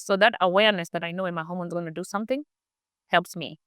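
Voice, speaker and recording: A woman's voice: lowish voice, steady tone, very fast, a bit bright, clear, resonant tone, no room sound, studio quality. A middle-aged woman, the guest expert in an interview, explaining health topics with everyday examples and acted-out inner thoughts. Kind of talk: conversational interview.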